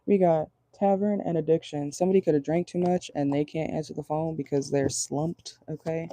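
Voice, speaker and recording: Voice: mid-range voice, steady tone, brisk, dark tone, dry recording. Blunt, profane tarot reader in a car. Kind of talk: casual channeled tarot reading. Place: parked car.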